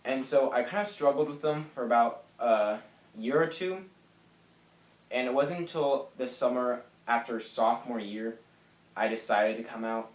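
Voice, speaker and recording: A man's voice: mid-range voice, normal speed. Young man telling his story, echoey room. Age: young adult. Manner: candid, hesitant, many fillers. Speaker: vlogger. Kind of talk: personal storytelling to camera.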